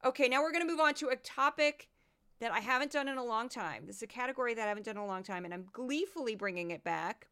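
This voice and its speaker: A woman's voice: a little high, expressive, fast, a bit bright, smooth. A woman hosting a political commentary podcast, talking in an indignant, sarcastic way. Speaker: podcast host.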